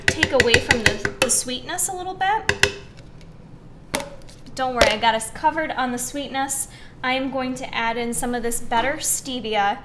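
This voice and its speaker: A woman's voice: on the high side, heavy background noise. A young woman hosting a casual recipe demonstration, chatty and upbeat, with lots of "um" and "like". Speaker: fitness recipe host.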